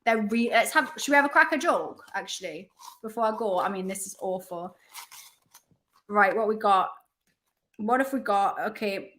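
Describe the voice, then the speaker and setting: A woman's voice: medium pitch, lively intonation, normal speed, pauses often, fairly bright tone. Woman host, casual live chat, rambling and self-mocking, chatty and kind. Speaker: livestream host.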